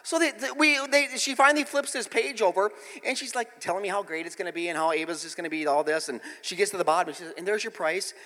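A man's voice: high voice, quick pace, hardly any pauses, big-room sound. A middle-aged man preaching, a pastor telling a funny family story and joking with his congregation. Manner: animated, exclaiming, self-mocking humor. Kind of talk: comedic storytelling sermon. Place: church.

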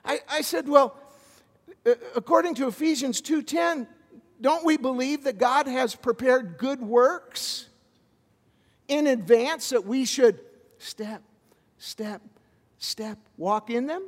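A man preaching a sermon as a visiting pastor, animated, with stammered restarts as he tells a story. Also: extremely high pitch, slow, long reverb tail.

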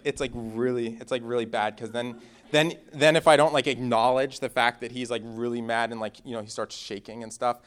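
A young man who is a pastor, preaching in a conversational, animated way, telling personal stories and moving between loud and hushed passages. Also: medium pitch.

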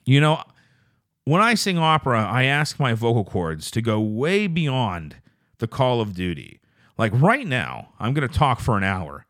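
A man's voice: big pitch swings, measured pace, a bit bright, no room sound, studio quality. A man hosting a solo podcast, chatting with live viewers in an exaggerated radio-announcer voice and rambling through stammered restarts. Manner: exaggerated radio-announcer delivery, lots of pitch swoops. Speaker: podcast host.

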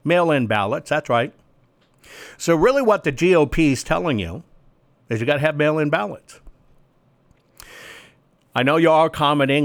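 A man's voice: a little high, expressive, normal speed, pauses often. A man hosting his own political commentary show, talking emphatically and sarcastically and addressing viewers as folks. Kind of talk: opinionated commentary monologue.

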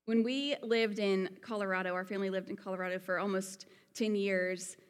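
Her voice is medium-pitched, steady and clean, and she moves at a brisk pace. This Alabama woman with a Southern accent preaches a sermon earnestly and conversationally, with folksy asides, in a space with long hall reverb.

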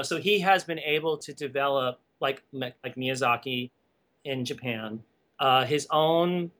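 A man speaking as a guest on a podcast interview, an animated storyteller who laughs often and drifts into asides. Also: a little high. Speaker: guest, animation art conservation director.

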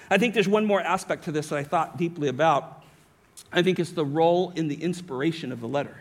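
A man's voice: fairly high pitch, brisk. A male pastor preaching a sermon, emphatic, often asking his listeners rhetorical questions.

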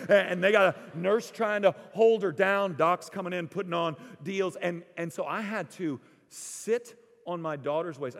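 A middle-aged man preaching a sermon, telling stories with lively swings from loud bursts to hushed, quiet prayer. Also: high voice. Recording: long hall reverb.

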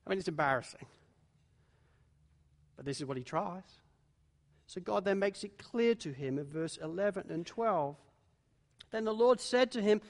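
A male preacher with a notably high voice, delivering a dramatic sermon. He swings from hushed, near-whispered asides to loud, rising peaks. The sound carries a long hall reverb. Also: lively intonation, normal speed, pauses often.

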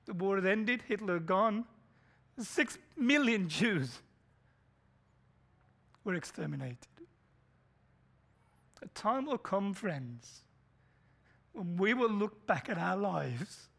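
Urgent high-voiced male preacher. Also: animated, slow, vocal fry, pauses often. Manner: urgent preaching, swings from loud to whispered. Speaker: pastor. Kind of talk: sermon. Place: church in a shopping complex.

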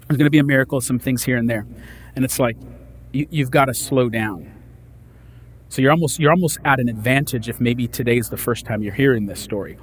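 A man preaching a sermon in a casual, conversational way, reading scripture and explaining it with lively asides. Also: medium pitch, brisk. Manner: conversational, animated, acts out disciples' lines. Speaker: pastor.

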